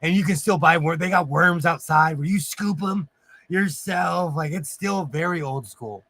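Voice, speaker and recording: A man from California hosting a casual livestream chat, talkative and quick to laugh. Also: a little high, a bit bright, dry recording. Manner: chatty, laughs often. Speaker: host.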